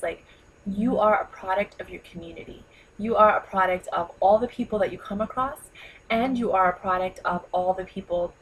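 Woman, 30s, from New York, husky tone; animated, chatty vlogger. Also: medium pitch, rough recording. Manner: chatty and animated, full of "you know" and "like". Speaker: vlogger giving speaking advice. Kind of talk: casual talk to camera.

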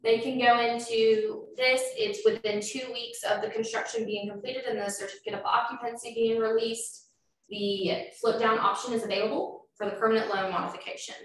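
A woman talks through a process in an easygoing, explanatory way, filling pauses with "um". She sounds set back from the microphone in a very echoey room. A faint hiss runs under her voice. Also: a little high, fairly even intonation. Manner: explanatory, filler-heavy. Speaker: loan officer presenting. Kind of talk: informal presentation. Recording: echoey room, far from mic, faint noise.

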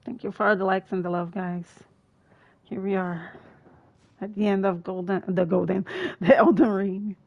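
A woman streaming a video game, reacting excitedly to boss fights and chatting to her viewers. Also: mid-range voice, a little slow, gravelly, long pauses, muffled recording. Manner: excitable, exclaims often, thanks viewers. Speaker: gaming streamer. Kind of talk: live gameplay commentary.

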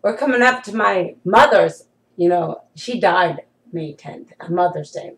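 A woman's voice: fairly low pitch, animated, unhurried, rough recording. A middle-aged woman giving an informal prophetic sermon, talking conversationally and emphatically to her followers, calling them saints.

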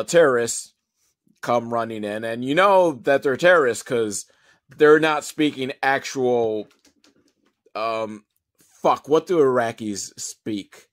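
A man giving a casual, comedic movie recap, rambling and sarcastic with some swearing. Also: mid-range voice. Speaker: movie reviewer.

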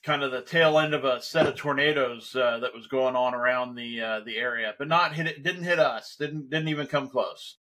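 A man's voice: mid-range voice, steady tone, normal speed, few pauses, sharp tone. A man hosting an interview show from his home studio, chatting casually and rambling with many fillers and restarts. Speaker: podcast host.

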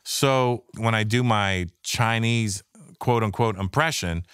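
A man, a stand-up comedian, telling stories in a casual podcast talk, animated and profane, acting out the people he quotes. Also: on the low side, slow, clean tone, no echo, clean studio sound.

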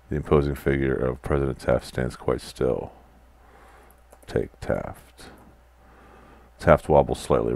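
With a bass voice and vocal fry, a man plays through a text adventure, reading its text aloud and making casual conversation between commands. He's quiet, muttering the commands as he types them.

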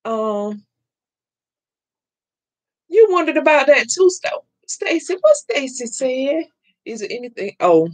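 Loud, excitable woman crafting host. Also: sits high, slow, pauses often, no room sound. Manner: loud and excitable, laughs often. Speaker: live-stream crafting host. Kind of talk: casual live-stream chat, reading viewer comments.

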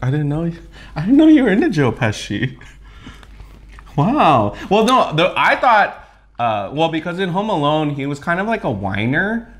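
Teasing young man with a lively voice. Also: on the high side, moderate pace. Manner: teasing, chatty, laughs often. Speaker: co-host of a mukbang channel. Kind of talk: casual chat while eating.

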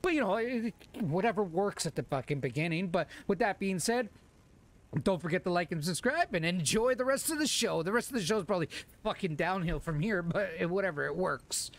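A man giving excitable gameplay commentary into a desk microphone, swearing and shouting exclamations at enemies. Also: sits high, a little fast. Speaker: gameplay video host. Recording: loud gunfire from game audio. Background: game sounds, gunshots and clicks.

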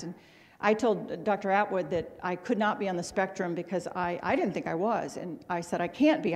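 A middle-aged woman from Missouri giving a humorous, candid public talk as a guest speaker, rambling with self-deprecating asides. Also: medium pitch. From Missouri, USA. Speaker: guest speaker at an autism symposium. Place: large hotel ballroom. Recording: long reverb of a large ballroom.

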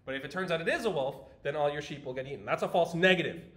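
A man's voice: fairly high pitch, rapid-fire, fairly bright tone. A man lecturing a university class in a chatty, explanatory way, with fillers and restarts. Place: large lecture hall. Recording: echoey lecture hall.

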